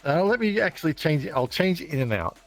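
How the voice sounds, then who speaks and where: A man's voice: on the high side, sing-song, fast, soft background music. A man guest on a live stream who chats casually and teases in a wry way. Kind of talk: casual chat.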